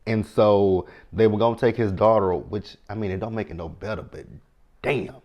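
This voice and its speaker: Talking straight to his audience, this male recap host runs through a TV episode in a relaxed, lively, conversational way. He speaks at an ordinary pace with a lowish voice.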